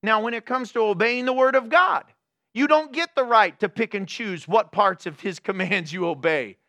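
A male pastor preaches in a conversational way, throwing out rhetorical questions and acting out little scenes. His voice is high and sharp. The sound is dry and close. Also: moderate pace, no echo. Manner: acts out everyday scenes. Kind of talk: sermon.

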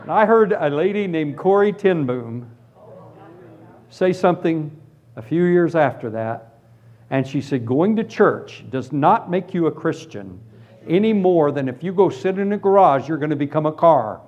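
Animated man preaching his testimony. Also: on the high side, normal speed, muffled recording. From Florida, US. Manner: animated storytelling, drops to hushed tones then bursts into shouts. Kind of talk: testimony sermon.

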